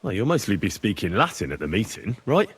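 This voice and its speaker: A man's voice: fairly low pitch, very animated, brisk, a bit bright, husky, heavily acted. An actor playing an earnest young man, plain-spoken with a dry, wry humor. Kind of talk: video game dialogue.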